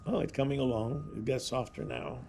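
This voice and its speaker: A man's voice: medium pitch, very animated, brisk, vocal fry, a little mellow, a little hiss or hum. A man vlogging, telling rambling anecdotes in a casual way, with restarts and chuckles. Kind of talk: casual storytelling.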